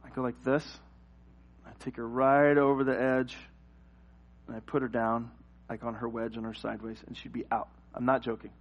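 A middle-aged male pastor preaching a sermon, telling animated personal stories and acting out the scenes. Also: mid-range voice, normal speed, muffled recording. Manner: animated storytelling, acts out scenes and cries.

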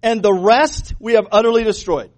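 A man's voice: sits high, steady tone, moderate pace, natural voice. A preacher voicing a defensive ancient king who makes pious, evasive excuses.

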